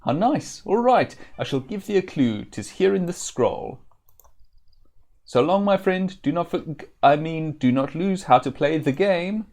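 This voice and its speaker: A man's voice: fairly high pitch, lively intonation, a little slow, a little mellow, pitched above the performer's own voice. A man reading out the lines of a playful male jester from a game in archaic, teasing speech.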